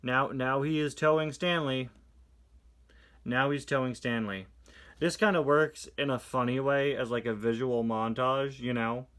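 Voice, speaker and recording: Brief: male toy reviewer, sharp bright tone, sarcastic exasperated commentary, snaps into quick character voices. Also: mid-range voice, fairly even intonation. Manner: reads captions aloud in quick put-on voices. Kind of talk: casual comic book review.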